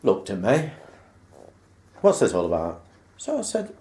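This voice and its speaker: A vlogger rambles through a school memory in casual personal storytelling, acting out the dialogue he remembers. His mid-range voice is sing-song and mellow at a moderate pace, with a roomy echo around it.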